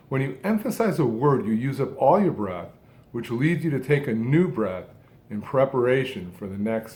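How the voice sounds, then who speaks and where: A man giving an instructional talk, speaking deliberately in short phrases with strong emphasis on key words. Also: mid-range voice, a little mellow. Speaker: speech coach who stutters.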